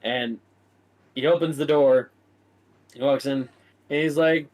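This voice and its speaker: A man's voice: medium pitch, steady tone, measured pace, darkish tone, rough recording. A man narrating a tabletop game as game master, rambling with lots of fillers.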